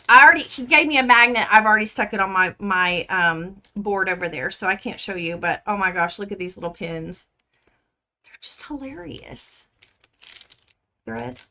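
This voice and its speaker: Gushing, bright-voiced woman quilter. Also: fairly high pitch. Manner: gushing, excitable, chatty with viewers. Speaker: quilting livestream host. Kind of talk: casual live stream chat. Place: home quilting studio.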